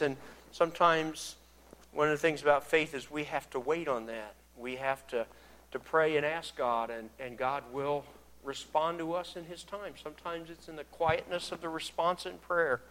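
A man's voice: fairly high pitch, a bit bright, slight background noise. A man preaching a sermon in an earnest way, acting out the pleas of biblical figures. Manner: earnest, acts out biblical speakers with rising emotion. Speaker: pastor.

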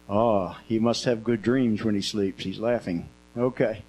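A man telling a Bible story to children in a gentle manner, coaching them through acting it out. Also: fairly low pitch, steady tone, unhurried, low-quality recording. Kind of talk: interactive story lesson.

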